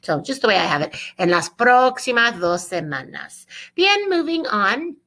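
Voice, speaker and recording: Woman teacher, bright ringing voice, upbeat, drills phrases slowly for students. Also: mid-range voice, very animated. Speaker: Spanish teacher. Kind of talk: online classroom lesson.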